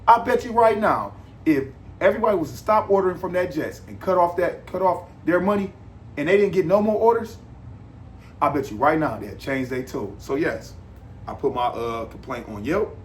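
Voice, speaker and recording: A man's voice: fairly high pitch, expressive, normal speed, slight background noise. A man hosting a podcast, delivering a casual monologue in an emphatic, repetitive, rambling way. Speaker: podcast host.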